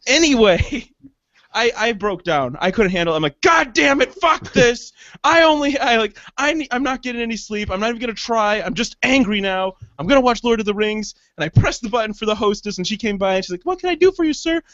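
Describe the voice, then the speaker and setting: High-voiced man telling a rambling story. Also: fast talker, a bit bright, no echo, dull audio. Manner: profane rambling storyteller, laughs often. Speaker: podcast co-host. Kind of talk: casual comedic chat.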